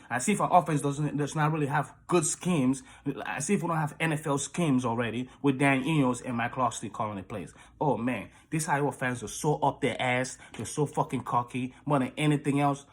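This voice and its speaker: A young man with a husky, slightly raspy voice talks up his team in a fan video. He is loud, profane and full of trash talk, piling on stats with rising excitement. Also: mid-range voice. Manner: profane, hyped, trash-talking. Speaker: fan previewing a game. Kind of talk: hyped fan video commentary.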